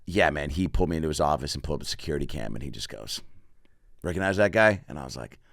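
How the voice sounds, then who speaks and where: A man's voice: extremely low pitch, lively intonation, racing, vocal fry, no room sound, studio quality. A man in his forties, a comedian guest, telling casual stories with loose, profane, acted-out quotes. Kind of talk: casual storytelling chat.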